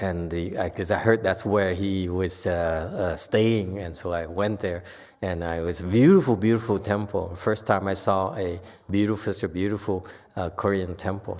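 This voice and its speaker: A man giving an informal Buddhist dharma lecture, talking conversationally with animated bursts and frequent restarts. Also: low voice. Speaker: Buddhist teacher. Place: temple lecture hall. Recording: long hall reverb.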